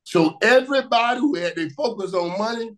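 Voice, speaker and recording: A man from Miami telling stories in casual conversation as a guest, lively and quick to repeat words. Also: sits high, low-quality recording. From Miami, USA. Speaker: guest, former pro football receiver. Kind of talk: animated storytelling in casual conversation.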